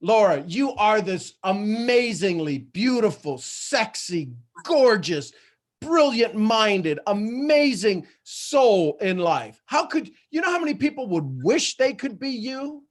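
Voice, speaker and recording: A man in his fifties hosting a live coaching call, blunt and emphatic, swinging between loud lines and hushed ones. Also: high voice, very animated, takes it slowly. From Ireland. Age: 50s. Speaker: host and coach.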